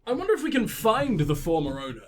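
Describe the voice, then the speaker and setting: A man's voice: high-pitched, wildly swooping pitch, quick pace. A young man with sniffles, commentating his gameplay in a profane, rambling, joking way. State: sick with sniffles. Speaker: let's play host.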